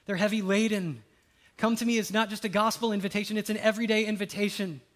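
High-voiced preacher man, animated. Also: quick pace. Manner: animated, swings from loud exclamations to hushed quotes. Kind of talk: sermon.

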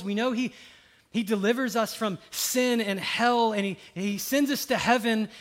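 A male pastor preaching a conversational sermon, swinging between loud emphatic lines and soft hushed ones. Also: sits high.

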